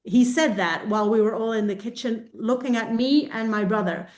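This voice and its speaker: A woman with a somewhat high voice tells a personal story to her coaching group over a video call. She is from Belgium and speaks in a candid, reflective way. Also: moderate pace.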